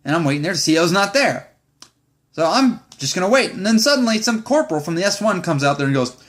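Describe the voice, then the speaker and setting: A man's voice: high voice, big pitch swings, fast talker. A young man, a Marine sergeant, ranting in a vlog with exasperated, profane, rambling talk.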